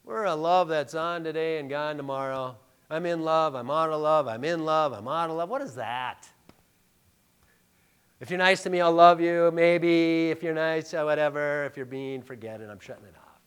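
A male pastor preaching a sermon, emphatic and full of rhetorical questions, dropping to a hush and then rising loud. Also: fairly high pitch, moderate pace, clear, resonant tone.

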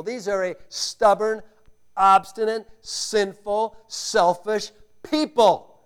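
A man preaching a sermon as pastor, emphatic, asking the congregation rhetorical questions and swinging between loud stresses and quiet asides. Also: high-pitched, unhurried, clean tone.

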